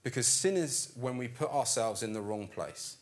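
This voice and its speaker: A man preaching a sermon in an animated storytelling way, acting out the characters' lines. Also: medium pitch, moderate pace.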